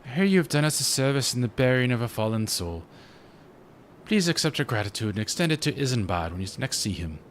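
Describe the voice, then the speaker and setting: A man reading a game's gentle devout church sister aloud, formal and solemn. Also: mid-range voice, sing-song, fast talker, slight background noise, voice pushed up, natural voice.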